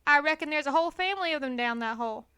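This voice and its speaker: A woman's voice: high voice, animated, rapid-fire, bright, forceful tone. A woman voicing a small, pot-bellied, snide farmer in a storybook read-aloud.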